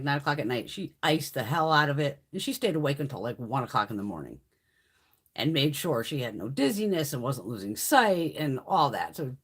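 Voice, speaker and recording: A middle-aged woman chats on her livestream, swearing freely as she tells stories. Her voice is husky and her pitch swings widely as she talks. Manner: profane, animated storytelling. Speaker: beauty livestream host. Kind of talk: casual livestream chat.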